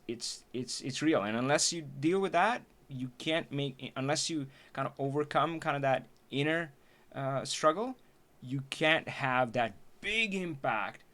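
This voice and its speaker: A man talks to his livestream audience in an earnest, searching way. His voice is growing hoarse, and he keeps restarting sentences and breaking into quick laughs as he thinks aloud. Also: medium pitch, fairly bright tone. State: losing his voice. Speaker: livestream trainer and host. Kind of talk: casual livestream talk to viewers. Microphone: streaming setup.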